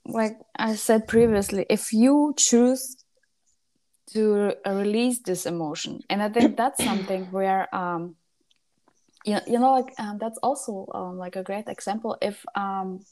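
A woman's voice: medium pitch, unhurried, dark tone. A woman and mother co-hosting a casual podcast, speaking hesitantly with many fillers and non-native English phrasing. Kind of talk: casual conversation.

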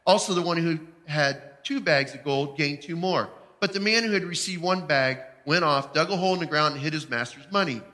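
High, bright-voiced man preaching in a hall. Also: brisk, hardly any pauses. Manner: storytelling testimony, emphatic. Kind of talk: sermon. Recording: long hall reverb.

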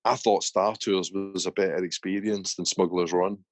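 A man with a very low voice tells a long story in easy, chatty podcast talk. The sound is close and dry, with no room around it. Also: fairly even intonation, moderate pace, no echo. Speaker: podcast host. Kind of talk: casual chat.

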